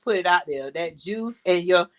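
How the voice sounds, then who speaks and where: A woman's voice: fairly low pitch, lively intonation, normal speed. A middle-aged woman with a New York accent, chatting casually to viewers while cooking and laughing often. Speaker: podcast host. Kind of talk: casual cooking vlog chat.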